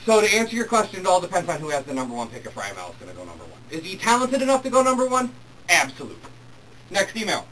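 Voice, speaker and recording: A young man hosting his own sports talk show, reading emails and ranting excitedly about football. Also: high-pitched, very fast, a little hiss or hum. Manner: excitable, worked up when ranting. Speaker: host. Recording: distant mic with faint room ambience.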